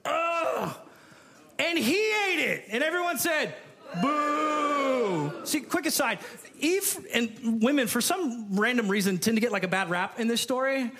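A man's voice: extremely high pitch, lively intonation, moderate pace, fairly bright tone. A man preaching a sermon, reading scripture aloud and acting out the people in the story with playful asides. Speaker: pastor.

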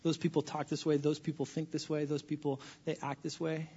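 A man in his thirties preaching a sermon in a church, swinging between hushed, earnest lines and loud, playful bursts. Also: a little high, monotone, a little fast, slightly rough, lo-fi sound. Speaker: pastor. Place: church sanctuary.

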